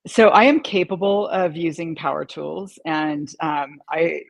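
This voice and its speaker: A woman guest commentator chatting casually with a talk show host, quick and dry-humored. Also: low-pitched, creaky, no echo. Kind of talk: casual interview chat.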